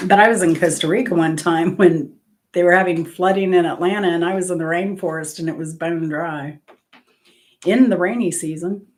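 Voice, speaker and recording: Woman, deep voice, casual host chat, rambling stories, self-corrections. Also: moderate pace, pauses often. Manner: rambling travel anecdotes with self-corrections and laughs. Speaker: host of a music trivia channel.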